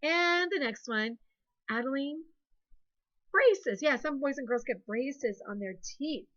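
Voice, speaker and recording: A woman's voice: high voice, animated, slow, a bit bright, lo-fi sound. A woman from Ohio with an Ohio accent, teaching a second grade phonics lesson in a patient, encouraging, sing-song way. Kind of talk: phonics lesson, call-and-response with pupils.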